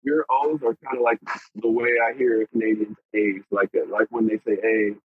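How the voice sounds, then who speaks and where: Easygoing Texan man, podcast guest, slightly husky, heard over a thin remote call line. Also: on the low side, steady tone, brisk. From Texas. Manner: easygoing, rambling with fillers. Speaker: podcast guest, apparel brand owner. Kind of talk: casual chat. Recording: tinny phone-like remote line.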